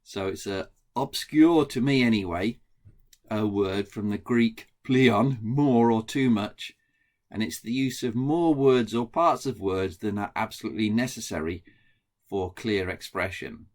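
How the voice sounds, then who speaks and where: A man's voice: lowish voice, a little slow, a little mellow. A middle-aged man with a Black Country accent, explaining his research in a plain lecture with frequent ums and restarts. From England. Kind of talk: recorded lecture.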